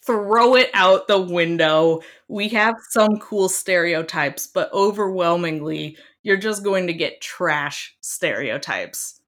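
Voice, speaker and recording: A young woman from Iowa chatting casually as a guest, animated and emphatic, often laughing. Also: fairly low pitch, slow pace, few pauses. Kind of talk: casual chat.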